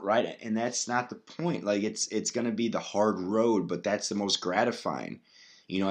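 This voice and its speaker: A man's voice: on the low side, a bit bright. A man hosting a casual solo podcast, talking in a blunt, profane, motivational way and often asking "right?". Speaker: podcast host.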